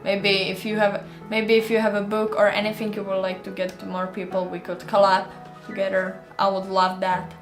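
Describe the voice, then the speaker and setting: A woman's voice: medium pitch, completely flat delivery, moderate pace, hardly any pauses. A woman reading an audiobook aloud in plain storytelling, then chatting to viewers. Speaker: audiobook narrator. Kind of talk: audiobook narration. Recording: roomy with faint music.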